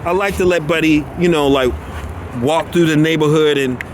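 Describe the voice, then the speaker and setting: A man's voice: on the high side, normal speed. A man vlogging while walking his dog down a neighborhood street, rambling and often losing his train of thought. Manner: laughs often. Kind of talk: casual rambling chat. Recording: noisy street with traffic.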